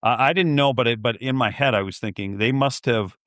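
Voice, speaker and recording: A man's voice: medium pitch, fairly quick, a bit bright, no room sound, clean studio sound. A middle-aged man on a podcast telling a story, acting out both sides of a phone call and laughing in disbelief. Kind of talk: casual storytelling.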